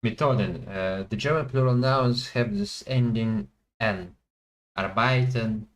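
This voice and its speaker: A man thinking aloud as he plays a language guessing game, hesitant and full of pauses and fillers. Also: mid-range voice, poor audio. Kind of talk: thinking aloud while playing.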